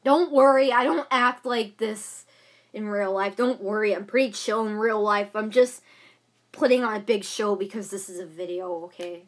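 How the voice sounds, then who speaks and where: A woman's voice: medium pitch, moderate pace. A young woman of about twenty venting angrily on her vlog, talking in rambling bursts full of fillers and repeats. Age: young adult. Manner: agitated ranting, many fillers and repeats. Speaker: vlogger.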